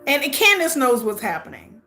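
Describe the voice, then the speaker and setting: Brief: bright, high female reactor, sassy and lively, laughs a lot, talks back at the TV. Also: moderate pace, soft background music. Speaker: reaction host. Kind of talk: casual live reaction commentary.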